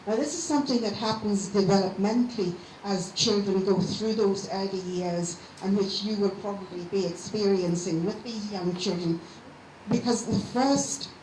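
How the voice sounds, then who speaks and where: Lecturer woman with a mellow voice in an echoey room. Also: mid-range voice. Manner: explanatory, sounds out word parts slowly. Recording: echoey room with faint hiss.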